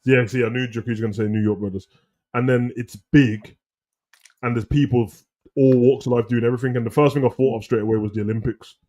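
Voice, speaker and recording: Co-host, man, slangy rambling talker, darker mellow tone. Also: medium pitch, quick pace. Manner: slangy, rambling, animated rants. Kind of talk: casual live chat.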